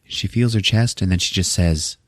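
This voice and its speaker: A man's voice: low-pitched, moderate pace, over loud music. A man hosting a podcast, recapping a movie in a crude, laughing, casual way. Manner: crude, laughing, animated storyteller. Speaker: podcast host.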